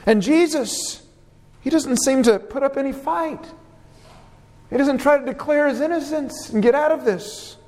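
High-voiced male preacher in echoing hall. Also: measured pace, a little mellow. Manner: reads scripture verses aloud and explains them, emphatic. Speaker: pastor. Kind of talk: expository sermon.

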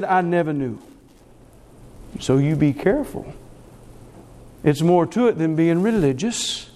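High-pitched preacher guy, emphatic sermon delivery, echoey church hall. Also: darkish tone. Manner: emphatic, swings between fast runs and slow stressed words. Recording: long reverb of a church hall.

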